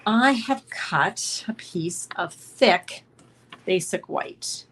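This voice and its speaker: A woman's voice: medium pitch, animated, drawn-out words, a bit bright, husky. A woman with a mild head cold, chatting through a live card-making demonstration and greeting viewers by name. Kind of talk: live craft demo chat.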